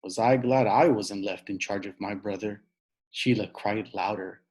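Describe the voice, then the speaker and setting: A man reading a children's book aloud, telling it in an animated way. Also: on the low side, measured pace. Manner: animated storytelling with a boyish narrator's voice. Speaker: reader.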